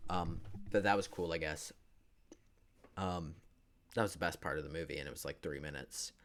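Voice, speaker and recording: A man's voice: a bass voice, normal speed, a bit bright. A young man giving a profane, sarcastic movie recap, full of filler words and swinging between mutters and outbursts. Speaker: movie reviewer.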